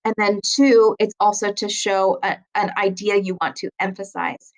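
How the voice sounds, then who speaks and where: A woman teacher giving a recorded writing lesson, explaining patiently and clearly, slowing down to stress key words. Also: mid-range voice, fairly even intonation, rough recording.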